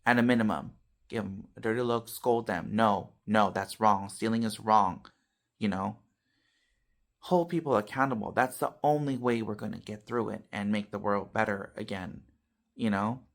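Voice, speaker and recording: In a casual talk to camera, a man with a creaky, lowish voice tells his viewers a story at a moderate pace. He keeps shifting animatedly between loud and soft and ends lines with "you know" and "okay."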